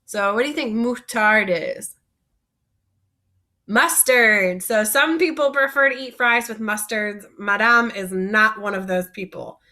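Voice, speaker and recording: A woman's voice: mid-range voice, unhurried, pushed and bright. A woman teaching a French vocabulary lesson, patiently asking learners to repeat words after her.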